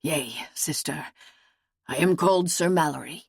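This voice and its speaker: A man's voice: fairly high pitch, measured pace, gravelly, husky, dry recording, studio quality, exaggerated voice. A woman narrator voicing an earnest male knight who is searching for his lost wife, speaking in a grave, formal, pleading way. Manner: grave, pleading, formal old-fashioned speech.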